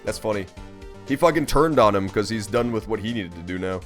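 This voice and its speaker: A man's voice: fairly low pitch, animated, a little fast. A young man streaming a game, chatting casually in a profane, rambling, amused way. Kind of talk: casual gameplay commentary. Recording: faint game music behind.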